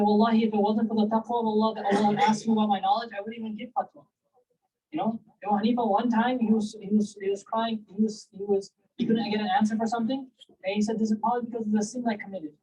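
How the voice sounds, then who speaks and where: A woman's voice: slightly rough, highs cut off. A woman giving a storytelling religious lecture, acting out quoted voices and reciting Arabic verses. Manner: animated, acts out quoted voices. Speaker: religious teacher. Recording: distant, low-quality recording.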